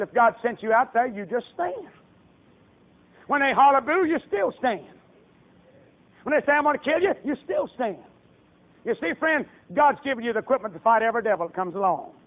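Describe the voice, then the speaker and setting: High-voiced preacher, tinny radio sound. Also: male voice. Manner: folksy, acts out voices. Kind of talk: sermon. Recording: tinny phone-like radio broadcast.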